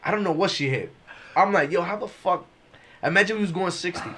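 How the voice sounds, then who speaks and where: A man's voice: high-pitched, brisk, pushed and bright. A young man trading profane anecdotes in a casual podcast chat. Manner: laid-back, profane, trades anecdotes. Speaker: podcast guest.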